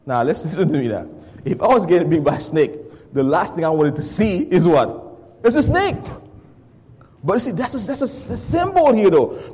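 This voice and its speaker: A man preaching a call-and-response sermon, asking the congregation to finish his sentences and swinging between hushed lines and shouts. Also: sits high, big pitch swings, moderate pace, breathy edge, in a large hall. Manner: asks the congregation to fill in words, swings from soft to shouting.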